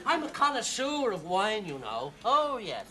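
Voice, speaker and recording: A pushy, boastful diner in a 1970s TV sketch who corners a stranger at dinner with his antics. His voice sits high and swoops wildly up and down, yet he takes his time over each word. A studio audience laughs loudly behind him. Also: wildly swooping pitch, measured pace, a crowd in the background, full character voice. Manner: overbearing, clowning, boastful. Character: pushy, know-it-all male restaurant diner. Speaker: comic sketch performer.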